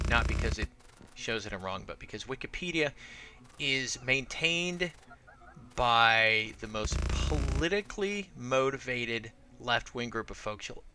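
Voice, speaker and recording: A man's voice: medium pitch, background noise. A man hosting his own let's play channel, talking through his gameplay in a rambling, self-deprecating way. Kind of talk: casual gameplay commentary.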